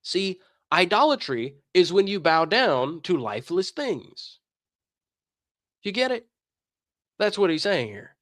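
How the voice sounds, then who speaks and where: A man delivers heated religious commentary and hammers his points home with pointed rhetorical questions. His fairly high voice swings up and down constantly. The sound is dry and close, with no room echo. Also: very animated, slow, pauses often, fairly bright tone. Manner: combative, emphatic, fires rhetorical questions. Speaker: streamer and commentator.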